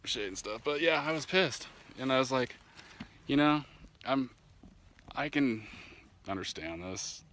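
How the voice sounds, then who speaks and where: A man telling the story of his spiritual journey to a camera outdoors. He rambles with fillers and restarts, laughs often, and grows animated when he is annoyed. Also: deep voice. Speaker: vlogger sharing spiritual testimony. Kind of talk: casual personal storytelling to camera. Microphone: camera mic.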